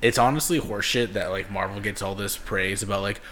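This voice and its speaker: A man co-hosting a casual podcast chat, trading deadpan jokes and tossing in frequent agreeing "yeah"s. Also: lowish voice, fairly quick. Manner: deadpan, joking, lots of yeahs. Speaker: podcast co-host.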